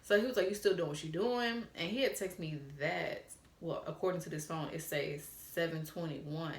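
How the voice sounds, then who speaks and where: Her pitch is fairly low and her pace moderate as the young vlogger shares a casual, no-nonsense story full of swearing and impressions of the texts she got. There's roomy echo on the recording.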